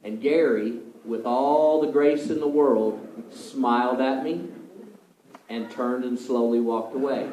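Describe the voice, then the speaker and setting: A man's voice: medium pitch, darkish tone, a little hiss or hum. A man recounting a mission trip story to a group, reflective and wry. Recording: roomy echo.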